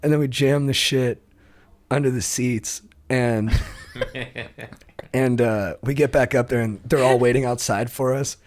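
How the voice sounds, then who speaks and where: Guest storyteller, young man, lively and animated, laughs mid-story, casual podcast. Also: medium pitch, unhurried, pauses often. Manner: animated, acts out quotes, laughs through his stories. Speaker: comedian guest.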